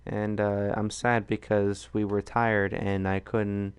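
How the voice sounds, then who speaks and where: A man's voice: fairly low pitch, flat delivery, slow pace, clear, resonant tone, no room sound. A man rambling in a casual late-night chat, full of fillers and laughter. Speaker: streamer host.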